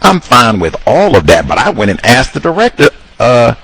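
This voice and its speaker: A man hosting a casual commentary monologue, calling his listeners cousins and acting out the people he quotes in higher voices. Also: huge pitch swings, normal speed, fairly bright tone, husky, rough recording. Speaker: host.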